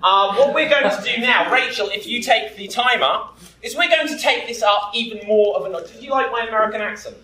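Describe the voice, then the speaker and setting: A man hosting a live improv comedy show, jokey and self-deprecating, quickly setting up games. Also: high-pitched, bright, forceful tone, far from the mic. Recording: roomy stage sound from afar.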